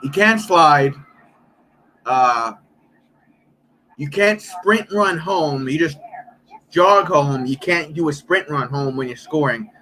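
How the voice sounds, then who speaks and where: Man, 30s, streamer. Bright, high-ish voice, faint noise behind, profane and animated storytelling. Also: slow pace, long pauses, poor audio. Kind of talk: casual live-stream chat.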